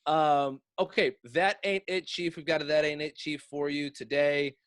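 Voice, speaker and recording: A man's voice: a little high, flat delivery, moderate pace, a bit bright, dry recording. A man hosting a podcast, talking casually in a wry, sarcastic way and swearing freely. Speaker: podcast host.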